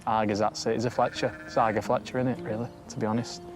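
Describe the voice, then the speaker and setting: A man's voice: mid-range voice, fast talker. Chatty Oldham man over music. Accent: Oldham, northern English. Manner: chatty, excitable, laughs often. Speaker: first-time farmer, presenter. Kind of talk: casual on-camera chat. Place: outdoors on a farm field. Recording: music playing under the voice. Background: background music.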